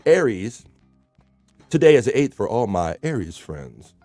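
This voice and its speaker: Relaxed chatty male stream host. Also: mid-range voice, soft background music. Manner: relaxed, chatty, reads slowly then riffs. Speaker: livestream host. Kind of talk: casual horoscope reading to chat.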